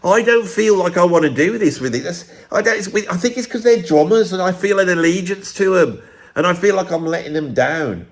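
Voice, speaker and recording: A man's voice: high-pitched, lively intonation, fairly quick. A man, a drummer hosting his own video, talking bluntly and rambling, at times arguing with himself. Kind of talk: casual opinionated monologue.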